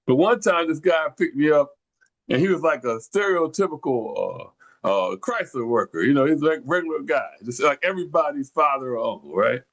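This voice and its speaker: A man's voice: on the high side, expressive, moderate pace, gravelly, a bit bright. An older man from the Detroit area telling a long rambling story in casual chat, with many restarts. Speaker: podcast co-host.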